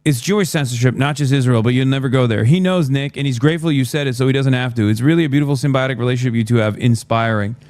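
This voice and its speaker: A man's voice: mid-range voice, very fast, hardly any pauses, a little mellow, dry recording, studio quality. A man doing livestream commentary, blunt and sarcastic, often swearing. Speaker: streamer.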